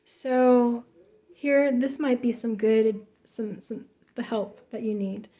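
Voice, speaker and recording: A woman with a fairly high voice gives a casual tarot reading. She talks emphatically and chattily, with many fillers and restarts. Her manner is direct and conversational. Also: slow, mellow. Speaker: tarot reader.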